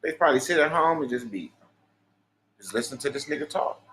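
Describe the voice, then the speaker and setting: A man's voice: medium pitch, expressive, brisk, a bit bright, a little hiss or hum. A man, hosting a livestream and ranting in a profane, preachy, boastful way. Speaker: livestream host. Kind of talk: unscripted livestream monologue.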